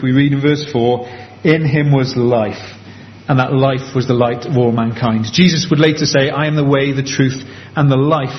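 A man preaching a sermon in an earnest, conversational way, slowing down on key points. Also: medium pitch. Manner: earnest, conversational, slows down for emphasis. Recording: dull lo-fi with faint background hiss.

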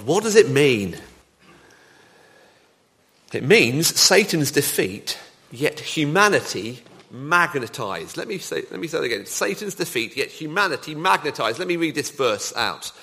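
Animated man preaching a sermon. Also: medium pitch, a little fast, creaky, few pauses. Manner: dramatic, varied emphasis, rhetorical questions.

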